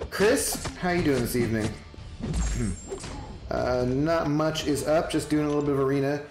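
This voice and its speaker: With a fairly high pitch and moderate pace, this male streamer chats loosely with his audience and replies to viewers individually by name. The room sounds large and echoey, and music plays clearly underneath.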